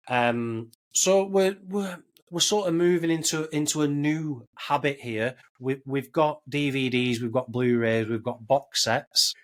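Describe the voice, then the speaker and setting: A man, hosting a casual podcast and rambling with many restarts and repeated words. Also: mid-range voice. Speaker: podcast host.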